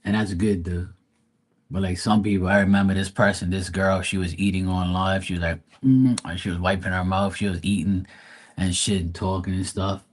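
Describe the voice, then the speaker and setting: A man with a deep, husky voice chats loosely and profanely while hosting a livestream. He rambles from one point to the next in an offhand, conversational way. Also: little pitch movement, fairly quick. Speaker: tarot reader livestream host. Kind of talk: casual livestream chat.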